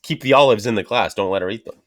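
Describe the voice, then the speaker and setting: A man's voice: fairly low pitch, rapid-fire, fairly bright tone. A man from Ontario in casual podcast chat, crude and swearing heavily. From Ontario, Canada. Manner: crude, heavy swearing, laughs a lot.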